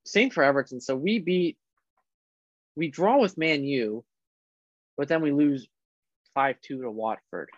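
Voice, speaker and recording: A man's voice: fairly high pitch, dry recording. Man casually running through sports standings. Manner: reads standings in a halting way with fillers. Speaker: sports podcast co-host. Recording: dull lo-fi dry sound.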